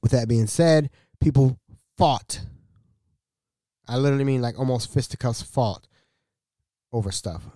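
A man hosting a podcast, telling a workplace story in an animated, slangy way and acting out the dialogue. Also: medium pitch, unhurried, pauses often, no echo, studio quality. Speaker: podcast host.

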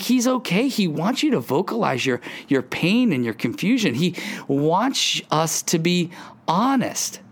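Earnest middle-aged man, devotional podcast. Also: fairly high pitch. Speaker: podcast host and pastor. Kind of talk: casual devotional podcast talk.

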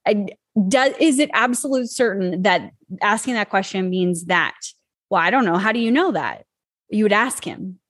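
A woman guest on a podcast, talking openly and telling a personal story, with lively jumps in pitch when she quotes people. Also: normal speed, no echo, clean studio sound. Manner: animated, acts out quoted dialogue with pitch jumps. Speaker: guest, author. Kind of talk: candid conversational storytelling.

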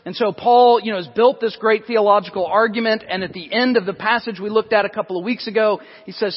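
High-voiced pastor in a reverberant sanctuary. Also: male voice, steady tone, fast, few pauses, muffled recording. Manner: conversational preaching with frequent restarts and asides. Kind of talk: expository sermon. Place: church sanctuary.

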